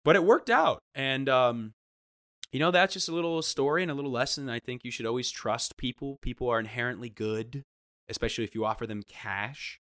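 A man telling a funny story in casual chat, animated and acting out the voices he quotes. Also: medium pitch, fairly quick. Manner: animated, acts out quoted voices, restarts often. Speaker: guest storyteller.

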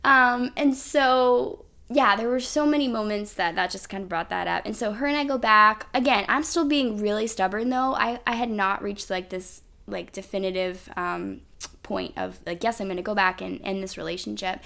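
Her mid-range voice is creaky, pushed and bright, moving at a normal speed. As a podcast host, she tells a personal story in a casual, chatty manner full of "like" and "um."

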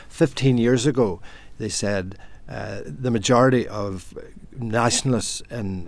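Man, lowish voice, hesitant and thoughtful, panel discussion. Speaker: panel guest. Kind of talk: casual discussion.

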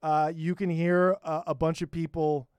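A man's voice: a little high, flat delivery, a little slow, a little mellow, clean tone, no room sound. A man hosting a comedy podcast, riffing in a profane, rambling and sarcastic way. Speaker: podcast host.

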